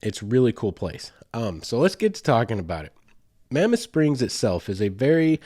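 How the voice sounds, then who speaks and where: A man's voice: medium pitch, sing-song, fairly quick, mellow, no room sound, clean studio sound. A man in his forties with a Southern US accent, hosting a podcast and telling a rambling, casual story full of asides. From Southern United States. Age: 40s. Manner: chatty and rambling, with asides and fillers. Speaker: podcast host.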